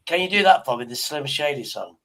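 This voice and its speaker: A man's voice: mid-range voice, animated, sharp tone, rough recording. Male streamer, casual chat, stop-start delivery, repeats himself, mid-range voice. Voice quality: halting, repeats words, swears casually. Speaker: livestream host.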